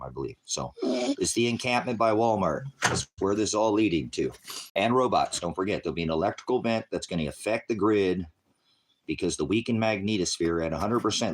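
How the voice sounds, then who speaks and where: Man, very low voice, rambling home monologue, drifting from point to point. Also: background noise. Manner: meandering, jumps between topics. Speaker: religious livestreamer. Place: at home with a puppy.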